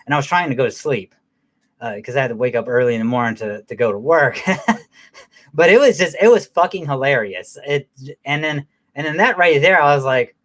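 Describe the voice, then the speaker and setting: A man's voice: mid-range voice, normal speed, fairly bright tone. A man giving a casual, profanity-heavy movie recap in a rambling way, with many fillers and restarts. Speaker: movie reviewer.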